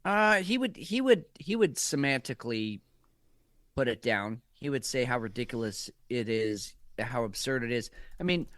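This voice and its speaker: A man's voice: mid-range voice, expressive, moderate pace, fairly bright tone, dry recording. A man co-hosting a casual political chat, rambling and profane, with frequent restarts. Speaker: podcast co-host.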